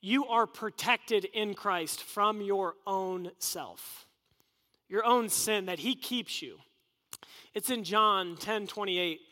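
A man's voice: high voice, slow pace, bright, forceful tone, big-room sound. A man preaching a sermon in an earnest, conversational way. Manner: earnest, conversational preaching with acted inner voices.

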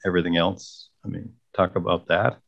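A man's voice: sits low, little pitch movement, fairly quick, gravelly. A man joining a podcast chat with brief, laid-back remarks, picked up from a distance. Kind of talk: casual chat. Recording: dull, distant mic pickup.

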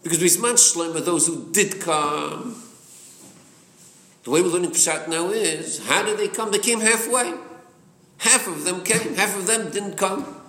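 A man's voice: sits high, measured pace. A man leading a Torah study class, asking questions and answering them himself. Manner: animated, poses and answers his own questions. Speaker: class leader. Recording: roomy echo.

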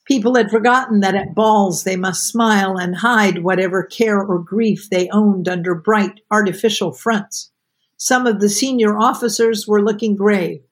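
A woman podcast host reading aloud from a novel with expressive, measured delivery. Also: mid-range voice, husky.

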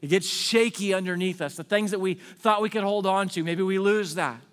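A man's voice: high voice, normal speed, clean tone, in a large hall. A male pastor preaching a sermon in an earnest, pleading way, repeating rhetorical questions to the congregation.

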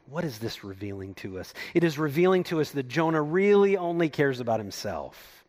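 A pastor reads scripture aloud and explains it in a brisk, sing-song delivery. His sermon swings between loud, emphatic lines and hushed, low asides.

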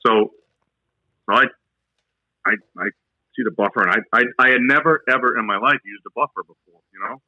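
Male veteran guest, rapid, bright, profane storyteller, dry close mic. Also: mid-range voice, no room sound, muffled recording. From New Hampshire. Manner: fast, rambling, profane. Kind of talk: casual storytelling.

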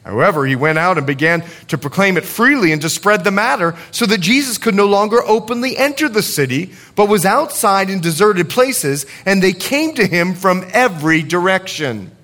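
A male pastor preaching a sermon, swinging from loud urgency to hushed confession. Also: sits high, lively intonation, moderate pace, hardly any pauses.

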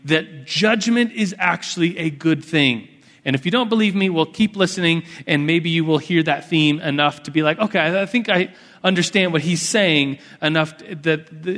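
Young male pastor, high voice, animated storyteller with many restarts; long hall reverb. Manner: animated, acts out childhood voices, restarts often. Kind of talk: sermon with storytelling.

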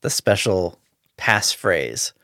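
Slow-talking man analyzing books. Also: low voice, big pitch swings, sharp tone, no echo. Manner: thoughtful, measured analysis. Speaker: podcast co-host. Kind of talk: casual book discussion. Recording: dry close mic.

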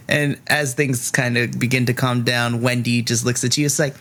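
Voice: mid-range voice, level tone, a little slow, long pauses, fairly bright tone. Rambling game master narrating a scene. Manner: rambling with many likes.

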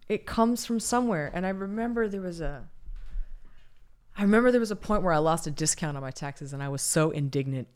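A woman's voice: on the low side, expressive, moderate pace, long pauses, a little mellow, smooth. A woman co-hosting a casual chat, candid and blunt, swearing freely and restarting her sentences.

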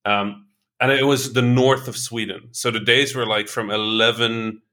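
Man, podcast co-host, casual chat, bright tone, laughs often. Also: medium pitch, steady tone, moderate pace. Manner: chatty, laughs often, quotes people in his stories.

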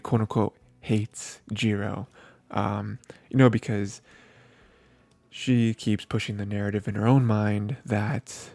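A man hosting an anime podcast, recapping an episode in a rambling casual way, with lots of fillers and soft laughs. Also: lowish voice, creaky, no room sound.

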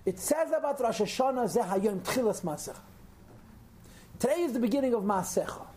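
A man's voice: very high voice, animated, a little fast, a little mellow, a little hiss or hum. Man teaching a text class, stressing key terms. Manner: explanatory, stresses key terms, dry self-mocking asides. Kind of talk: spoken text lesson to a small group.

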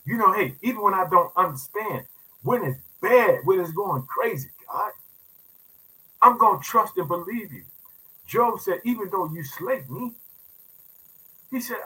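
A man's voice: high-pitched, animated, moderate pace, long pauses, husky, rough recording. A man preaching a sermon, reading psalm verses aloud and turning to his listeners with repeated asides and informal talk. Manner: repeats "let me tell you something", swings from soft asides to loud scripture reading; calls listeners "family", informal everyday grammar.

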